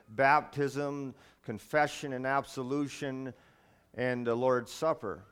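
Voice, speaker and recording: A man leads a sermon in a church, first reading a psalm aloud and then explaining it to young people. His voice is smooth and resonant, set at an ordinary middle pitch. He speaks earnestly and puts questions to his listeners. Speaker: pastor.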